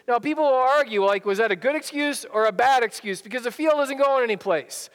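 A man's voice: very high voice, brisk, hardly any pauses, fairly bright tone, in a large hall. A male pastor giving a sermon in a conversational way, often repeating and restarting his phrases. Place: church sanctuary.

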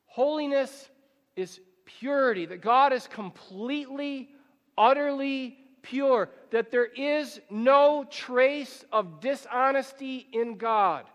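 A male pastor preaching a sermon, asking rhetorical questions and slowing down and rising in pitch when he reads scripture. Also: a bit bright, muffled recording. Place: church sanctuary. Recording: church hall with long reverb.

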